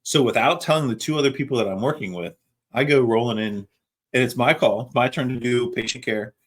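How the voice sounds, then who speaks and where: A man's voice: mid-range voice, fairly quick. A middle-aged man, a paramedic co-hosting a podcast, telling a story in a laid-back, casual way and swearing freely. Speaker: podcast co-host.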